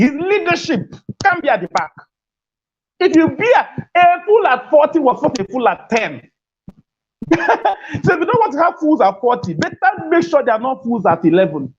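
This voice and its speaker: A woman's voice: sits high, sing-song, moderate pace. A woman gives an emphatic, preachy parenting talk, repeating her key phrases and laughing between points. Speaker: parenting speaker. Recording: dull lo-fi recording.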